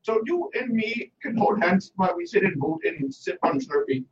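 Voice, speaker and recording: A man's voice: sits high, sing-song, normal speed, lo-fi sound. A man on a radio prank call, voicing a rambling, teasing man who claims to be a singer from Pakistan. He uses broken English and a put-on Pakistani accent. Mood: flirty. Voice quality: scratchy voice.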